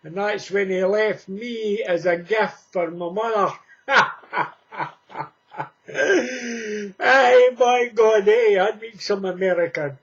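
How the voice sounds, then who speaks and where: A man's voice: high-pitched, slow, fairly bright tone. A Scottish man in his sixties chatting to camera in a casual vlog, joking and laughing at his own jokes. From Scotland. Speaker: vlogger. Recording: dull lo-fi home recording.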